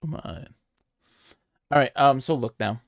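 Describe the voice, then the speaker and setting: A man's voice: mid-range voice, a little slow, no echo, clean studio sound. A man streaming a text adventure, thinking aloud with lots of hesitation and wry jokes. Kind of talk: casual chat while playing a game.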